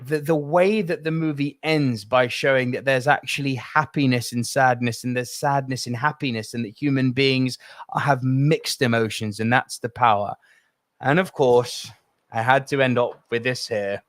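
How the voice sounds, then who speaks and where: A man's voice: mid-range voice, unhurried, a bit bright, no echo, clean studio sound. A man hosting a solo podcast, talking passionately and in a rambling way while reading out live chat comments. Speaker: podcast host.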